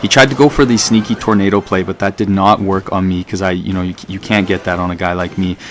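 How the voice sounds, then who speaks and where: A man giving casual, excitable live commentary over his own gameplay as a gaming channel host. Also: low-pitched, fast, slight background noise. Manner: casual, chatty, excitable, fillers and "dude".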